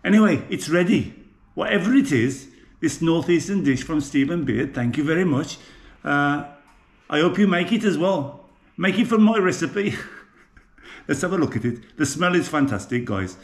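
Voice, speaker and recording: This Birmingham man speaks at a normal speed in an animated, fairly high-pitched voice while cooking at home for a casual vlog. Talking straight to his viewers, he's chatty and pokes fun at himself. The home kitchen sounds echoey, with faint clattering in the background.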